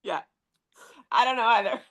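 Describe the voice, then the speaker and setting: A woman's voice: on the high side, moderate pace, a bit bright, muffled recording. A woman in a casual group chat on a video call, talking freely with fillers and laughter. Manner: chatty, frequent laughs and fillers. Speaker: meeting participant.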